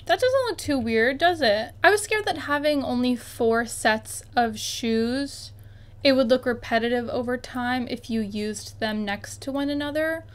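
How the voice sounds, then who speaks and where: A young woman with a slightly high, slightly slow voice plays a life-sim game and chats casually as a gaming YouTuber. Her tone is bubbly and exclamatory, and she often talks directly to what's on screen.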